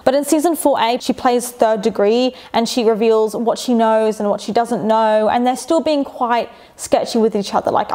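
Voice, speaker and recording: A woman with a slightly high voice hosts a casual commentary vlog. She sounds chatty and opinionated and often stops to ask rhetorical questions. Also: a little mellow. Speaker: YouTube commentator.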